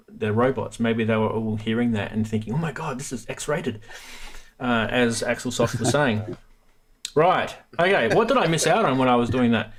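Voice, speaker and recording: A man hosting a casual livestream from a home studio, chatty and laughing often. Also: mid-range voice. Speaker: livestream host.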